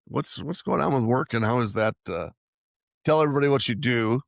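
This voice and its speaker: A man's voice: mid-range voice, a little fast, creaky, dry recording, studio quality. A middle-aged man co-hosting a podcast, who keeps a casual chat going by asking questions and encouraging his partner. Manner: encouraging, leading the talk with questions. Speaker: podcast co-host.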